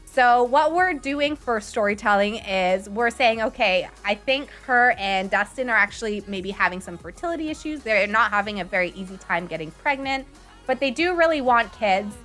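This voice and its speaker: A woman's voice: mid-range voice, expressive, normal speed, fairly bright tone, faint music behind. A young woman streaming a life-simulation game, who grew up speaking French and English, chatting with viewers in a bubbly, giggly way. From grew up bilingual in French and English. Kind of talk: casual live-stream chat over gameplay.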